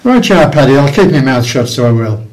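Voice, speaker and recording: A man's voice: mid-range voice, sing-song, fast talker, a little mellow, lightly acted, low-quality recording. A man voicing an obliging Irish sidekick with an Irish accent in a told joke, answering eagerly. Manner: eager, agreeable.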